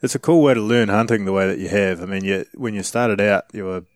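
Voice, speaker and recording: A man hosting a casual interview, asking relaxed and encouraging questions. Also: fairly low pitch, quick pace, no echo, studio quality. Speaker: podcast host.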